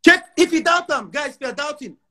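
Animated Nigerian man, high husky voice. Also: fairly quick. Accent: Nigerian English with Pidgin. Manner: emphatic, repeats himself, mixes in Pidgin. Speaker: interview guest, musician. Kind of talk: boastful interview talk.

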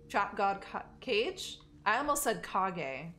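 A woman's voice: mid-range voice, big pitch swings, a little slow, few pauses, sharp tone, faint music behind. A woman streaming a game live, chatting casually with her viewers, swearing freely and talking to herself as she plays. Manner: casual, profane, talks to herself and chat.

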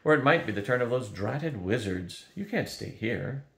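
An older man voicing a brisk, practical young princess who serves dragons, hurried and politely impatient in a storybook reading. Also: mid-range voice, animated, gravelly, a bit bright. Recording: roomy echo.

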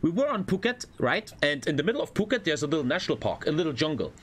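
A man's voice: fairly high pitch, fast talker, husky. Swearing German man telling a wild story. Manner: animated storytelling, swears a lot, acts out voices. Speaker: streamer reacting to a video. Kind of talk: casual reaction stream chat.

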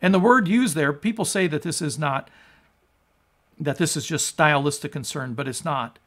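A male pastor giving a sermon and reading scripture, emphatic and rising to loud peaks on quoted lines. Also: on the high side, moderate pace. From United States.

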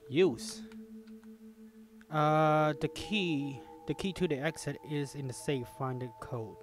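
A young man with playing a horror game on his own channel, talking to the characters and yelping when startled. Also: on the high side. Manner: jumpy, yelps and screams when startled, talks to the game character. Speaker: gaming YouTuber. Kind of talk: horror game let's play commentary.

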